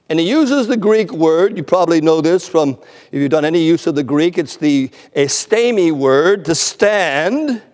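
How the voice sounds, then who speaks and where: A man's voice: high-pitched, a little mellow, big-room sound. A man preaching an expository sermon, emphatic, repeating words for stress and often stammering on the first word.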